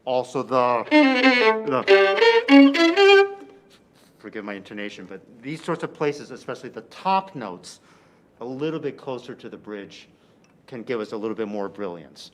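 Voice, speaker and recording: Animated man coaching a violin master class. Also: lowish voice, moderate pace, faint music behind. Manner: animated, exaggerated teaching delivery with repeated phrases. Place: rehearsal room.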